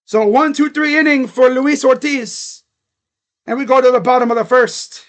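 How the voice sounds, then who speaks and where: A man calling a ball game live as a fan from his room at home, excitable, chatting to viewers and shouting at the players. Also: very high-pitched, moderate pace. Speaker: fan streamer calling play-by-play. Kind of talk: live fan reaction and play-by-play. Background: dogs barking.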